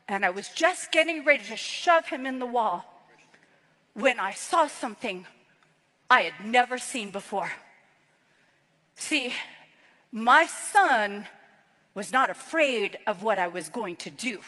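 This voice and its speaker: Woman preacher, slow dramatic testimony, bright and forceful, reverberant hall. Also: high-pitched, lively intonation. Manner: slow, dramatic storytelling with hushed drops. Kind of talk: emotional sermon testimony. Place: large hall, played from an archived clip.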